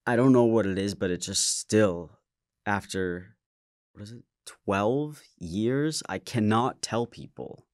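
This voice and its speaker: A man's voice: on the low side, slow, dry recording, studio quality. A man hosting his own show, telling a personal story in a candid, casual way, swearing and stammering as he goes. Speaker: podcast host.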